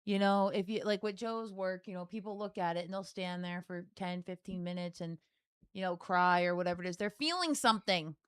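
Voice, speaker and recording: A woman co-hosts a casual podcast, frank and earnest, with fillers in her talk. Her voice is smooth and clear. The sound is dry and close. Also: on the low side, brisk, dry recording. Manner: frank and earnest, frequent "like" and "you know". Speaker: podcast co-host.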